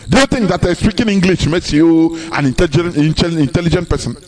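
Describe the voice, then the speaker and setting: A man's voice: on the high side, fast, darkish tone. A man with a Nigerian Igbo accent giving a live broadcast speech, emphatic and full of repeated rhetorical questions. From southeastern Nigeria. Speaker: activist broadcaster.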